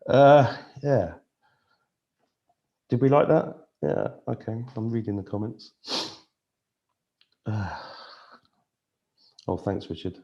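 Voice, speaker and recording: A man's voice: medium pitch, slow, pauses often, mellow, lo-fi sound. A man hosting a live video call, chatting casually, emotional and laughing often, restarting his sentences. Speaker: host of a live online meeting. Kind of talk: casual live-stream chat. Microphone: computer video call.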